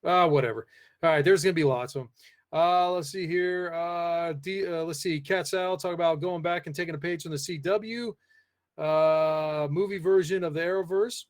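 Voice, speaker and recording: A man's voice: on the high side, normal speed. A man hosting a casual live podcast, rambling with lots of fillers as he reads the chat aloud. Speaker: podcast host.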